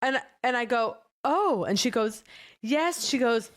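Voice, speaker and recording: Animated woman telling a story on a podcast. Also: moderate pace. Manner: animated storyteller, acts out quoted voices with big pitch jumps. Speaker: podcast co-host. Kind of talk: casual comedic chat.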